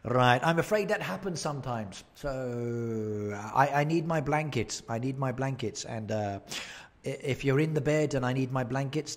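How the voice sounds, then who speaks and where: A man with a somewhat mellow, mid-range voice chats casually during a live game stream from his home setup in Japan. He answers viewer comments and laughs often into a desk microphone.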